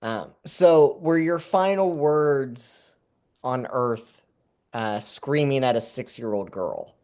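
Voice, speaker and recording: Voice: mid-range voice, expressive, slow, a little mellow. A performer playing an afterlife interviewer who questions the newly dead with hesitant ums and dry remarks, in an improvised comedy bit. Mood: deadpan. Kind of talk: improvised comedy role-play.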